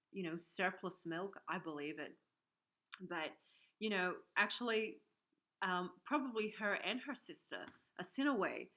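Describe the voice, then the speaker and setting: A woman's voice: on the low side, a bit bright. A woman hosting a casual livestream from her workshop, chatting in a rambling way with many fillers and reading out viewer comments. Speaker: livestream host and soap maker. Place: home workshop. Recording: dull, lo-fi stream audio.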